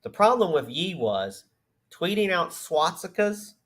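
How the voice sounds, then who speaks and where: A man hosts his own political commentary podcast, reading stories out and breaking off for sarcastic remarks. His voice sits a little above the usual male pitch. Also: sing-song, unhurried, a bit bright. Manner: reads news aloud with sarcastic asides. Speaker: podcast host.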